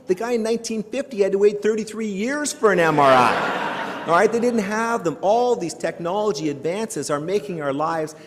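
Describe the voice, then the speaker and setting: A middle-aged man from Canada giving a humorous keynote speech, animated and joking, full of rhetorical questions, recorded live in a large hall before an audience. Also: high-pitched, slight background noise. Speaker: keynote speaker. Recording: live hall with long reverb.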